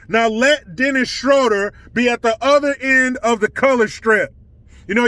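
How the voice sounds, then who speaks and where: A man's voice: extremely high pitch, fairly bright tone, no echo. A man hosting his own commentary channel, ranting bluntly and scornfully with plenty of profanity. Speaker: political commentary channel host.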